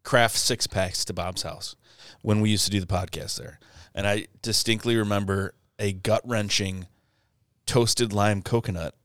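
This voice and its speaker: A man with a low voice co-hosts a podcast, trading profane stories and laughing often. The mic is close and dry, with nothing behind him. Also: steady tone, unhurried, a bit bright, no echo. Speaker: podcast co-host. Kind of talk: casual banter.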